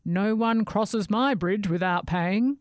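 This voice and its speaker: Woman doing a slow growling troll. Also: mid-range voice, dry recording, studio quality, natural voice. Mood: menacing. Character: greedy growling male bridge troll.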